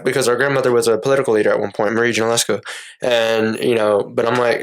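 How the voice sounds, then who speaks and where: A man's voice: mid-range voice, quick pace. A young man from Cherokee, North Carolina, co-hosting a podcast and telling stories in casual chat, acting out other people's lines with swearing. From Cherokee, North Carolina, USA. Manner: animated retelling, acting out voices, swearing. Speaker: podcast co-host.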